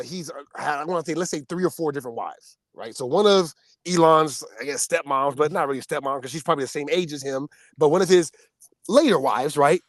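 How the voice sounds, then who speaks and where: On a casual podcast, the co-host spins animated stories and laughs frequently. His voice is a little high, jumping far higher in excited moments, and the recording is dry and close, without any room sound.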